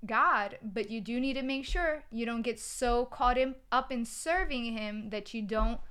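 A woman co-hosting a casual faith podcast, telling stories with lots of fillers and animated bursts. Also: on the high side, unhurried, clear, resonant tone. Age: adult with a daughter. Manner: animated storyteller, many fillers. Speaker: co-host.

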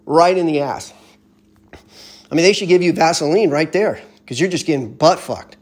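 A man's voice: fairly high pitch, normal speed, husky. A man ranting casually and bluntly about baseball, with lots of profanity and rambling restarts. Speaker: baseball fan commentator. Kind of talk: casual sports rant.

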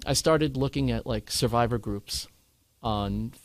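A man candidly recounting a hard experience in conversation, earnest and animated when he quotes others. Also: mid-range voice, unhurried, gravelly, dry recording. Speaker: guest sharing his cancer story.

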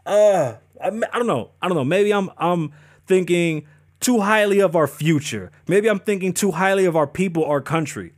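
A man's voice: high voice, normal speed. A man in his thirties hosting his own show, ranting casually with lots of profanity, heated and rambling, stumbling over words. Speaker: host. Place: Las Vegas.

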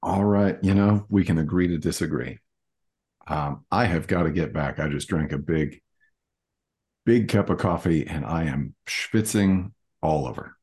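A man with a very low, husky voice who chats in an easygoing, rambling way during a tabletop game scene. He leans on fillers and trails off between thoughts. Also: unhurried, a little mellow. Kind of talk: casual in-character chat.

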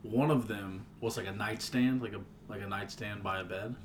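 A young man co-hosting a casual sports podcast, playful and animated as he tells stories. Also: on the low side, normal speed, slight background noise. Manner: playful, storytelling, animated when excited. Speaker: podcast co-host. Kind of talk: casual chat.

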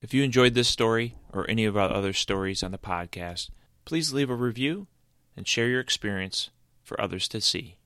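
Low-voiced man reading a podcast outro. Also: moderate pace, a bit bright, smooth, no room sound, studio quality. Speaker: podcast host. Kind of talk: scripted outro.

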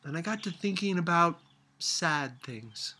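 Man reading old grandmother from a storybook, prickly, wistful, husky and lively. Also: a little high, measured pace, voice pushed up, heavily acted.

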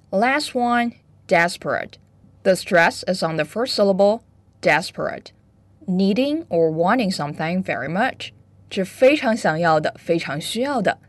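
A woman hosting a bilingual English lesson, upbeat, drilling words slowly and carefully. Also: medium pitch, no room sound. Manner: upbeat, switches between Chinese and English, slow careful pronunciation drills. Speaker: English teacher and host.

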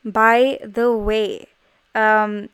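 On her solo podcast, a young woman rambles casually in animated self-talk, leaning heavily on fillers such as "like." Her mid-range voice is clear and resonant, and she talks extremely slowly. It's a dry recording made close to a studio microphone.

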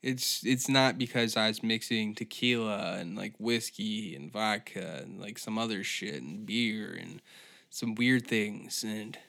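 A man's voice: lowish voice, measured pace, vocal fry, bright, forceful tone. A man hosting a comedy podcast, ranting in an exasperated, profane monologue. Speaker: podcast host.

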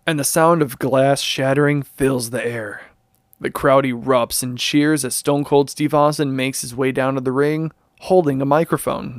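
A young man hosts a podcast in a relaxed, rambling way, joking at his own stumbles as he reads aloud. His voice sits at an ordinary pitch for a man. It sounds dry and close, with no room around it. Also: no echo. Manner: rambling and jokey, stumbles while reading. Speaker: podcast host. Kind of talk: casual commentary, reading aloud.

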